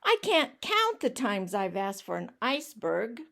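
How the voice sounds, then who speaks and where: A woman voicing a pushy, whiny male pigeon who keeps demanding things, in a loud, insistent, complaining way. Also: medium pitch, sing-song, measured pace, creaky, exaggerated voice. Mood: indignant.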